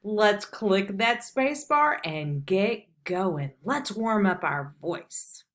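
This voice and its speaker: A woman's voice: mid-range voice, lively intonation, very slow, fairly bright tone. A woman teaching an online children's music lesson in an upbeat, encouraging way.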